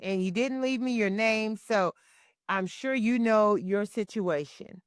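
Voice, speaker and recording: A woman's voice: medium pitch, unhurried, clear, resonant tone, no echo, clean studio sound. A woman hosting a podcast, frankly answering a listener's letter about caring for a parent and checking in with "okay?". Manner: frank, conversational, asks rhetorical questions and adds "okay?". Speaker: podcast host and caregiving advisor. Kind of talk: direct advice talk answering a listener letter. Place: Texas.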